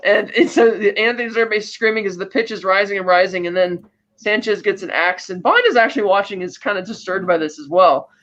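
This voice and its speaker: High-voiced man retelling a film plot. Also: a little fast. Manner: animated storytelling with frequent restarts. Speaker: podcast co-host. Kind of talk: casual plot recap. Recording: slightly muffled lo-fi audio.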